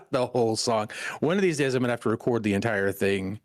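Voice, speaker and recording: A man's voice: mid-range voice, animated, brisk, dry recording, studio quality. A man co-streaming in casual chat, teasing, laughing and stammering on a headset.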